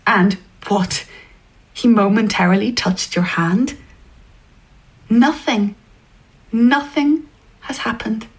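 A woman narrating a story in the second person, in a hushed, intimate way that often sinks toward a whisper. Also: medium pitch, poor audio.

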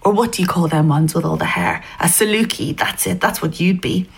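A smug older writer with a lilt, patronising and sure of himself, as a woman reads him aloud. He drawls his words out slowly and teasingly, with a slightly husky edge. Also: lowish voice, voice pushed down, exaggerated voice. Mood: condescending. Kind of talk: reading a story aloud.

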